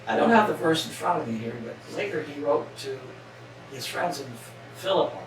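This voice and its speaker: A man's voice: on the high side, animated, brisk. A Canadian man delivering a spoken devotional in an earnest, emphatic way, leaning on repeated phrases. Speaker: devotional speaker. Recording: echoey room, distant mic, faint noise.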